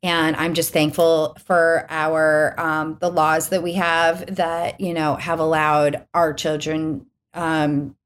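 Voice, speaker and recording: A woman health coach, a guest on a podcast, talking casually with many pauses and fillers. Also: low-pitched, level tone, clean tone. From Boston area. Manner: chatty, hesitant, many fillers.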